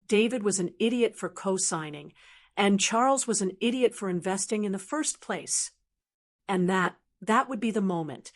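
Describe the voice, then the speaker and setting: An older woman reading a first-person story in a measured, reflective way. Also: medium pitch, expressive. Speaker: narrator.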